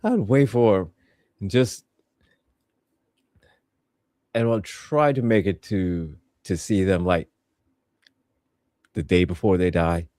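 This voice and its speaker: A man's voice: low-pitched, slow pace, pauses often, warm tone, no echo, clean studio sound. A man hosting a podcast, reviewing a show in casual, joking chat. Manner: playful, joking, laughs a lot. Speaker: podcast host.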